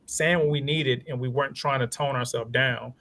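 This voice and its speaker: A man in his thirties with a Southern country twang, a lawyer talking casually as an interview guest and telling animated stories. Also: mid-range voice, normal speed. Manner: animated storytelling, acts out quoted voices.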